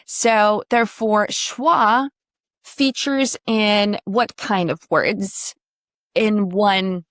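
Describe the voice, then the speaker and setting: A woman's voice: medium pitch, fairly even intonation, drawn-out words, fairly bright tone, no room sound, studio quality. A woman coaching pronunciation in a casual online lesson, chatty and quizzing her student, swearing now and then.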